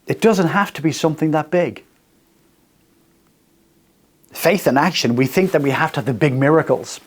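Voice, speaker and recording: The voice is a man's, on the high side, and he talks fast. He is a radio host in his sixties giving an earnest, personal faith talk in a studio, using short repeated phrases.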